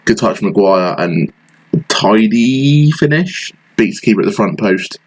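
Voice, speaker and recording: A man's voice: low voice, steady tone, normal speed, husky, poor audio. A man giving frustrated, sarcastic play-by-play commentary over a football management game he is playing. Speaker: gaming channel host.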